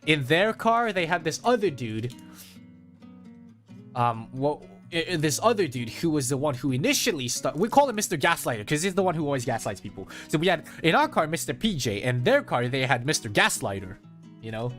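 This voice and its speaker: Male streamer, higher voice, very animated delivery, profane storyteller; light guitar bed behind. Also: fairly quick. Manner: animated, swearing, acts out friends' voices. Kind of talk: casual storytelling chat with viewers. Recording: faint guitar music behind.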